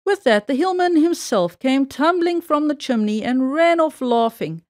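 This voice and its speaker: Woman, storyteller, children's read-aloud, higher voice, dry close sound. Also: very animated, moderate pace, hardly any pauses, a little mellow, no echo.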